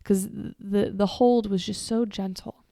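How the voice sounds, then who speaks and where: Taking it slowly, this woman speaks in a mid-range, gravelly, mellow voice with fairly even intonation, in a dry studio-quality recording. Hosting a podcast, she recounts something personal with candor, swears casually, and rambles through tangents and restarts.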